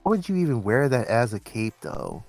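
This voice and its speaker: A man's voice: medium pitch, wildly swooping pitch, brisk, gravelly, a little mellow, faint music behind. A man chatting as a guest on a casual stream, joking and curious, chuckling between lines. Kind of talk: casual chat.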